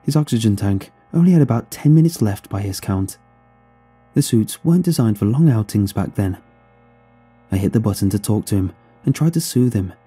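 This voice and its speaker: Dark husky male horror narrator. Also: lowish voice, expressive, faint music behind. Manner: somber, measured storytelling.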